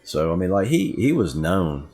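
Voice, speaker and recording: Here a middle-aged man with a Southern US accent co-hosts a podcast, his low-pitched voice slightly rough and moderately paced. Casual and lively, he rambles through stories crammed with asides.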